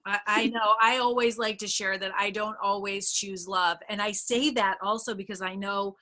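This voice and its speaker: A woman's voice: medium pitch, steady tone, normal speed, bright, forceful tone. A middle-aged woman hosting a podcast, giving earnest, encouraging advice to parents in casual conversation. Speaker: podcast host.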